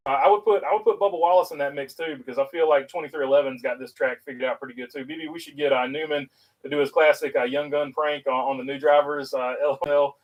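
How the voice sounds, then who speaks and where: A man with a North Carolina Southern accent hosts a casual livestream, reading viewer chat aloud and rambling with plenty of filler "uh"s. His voice is a little high, and the audio is dull, with a distant mic.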